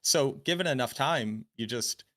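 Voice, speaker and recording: A young adult man from the Boston area with a mild Boston accent, hosting a casual streamed chat and telling animated, swearing anecdotes. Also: mid-range voice, moderate pace. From Boston area, USA. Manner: animated storyteller, swears, acts out voices. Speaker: streamer host.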